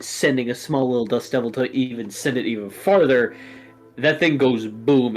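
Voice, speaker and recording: A man narrating a tabletop game as game master, talking casually with fillers. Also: mid-range voice. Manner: casual, halting, with fillers and restarts.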